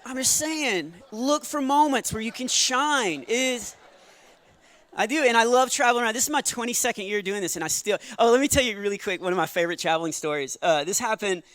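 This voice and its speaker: A man in his forties doing a stand-up comedy set, telling chatty stories and acting out quick quotes of the people in them. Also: sits high, animated, a bit bright. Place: live venue with audience.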